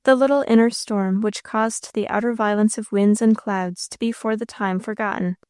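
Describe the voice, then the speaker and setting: A woman narrating a classic novel as an audiobook, in a steady, measured way. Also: medium pitch, clear, resonant tone, dry recording, clean studio sound.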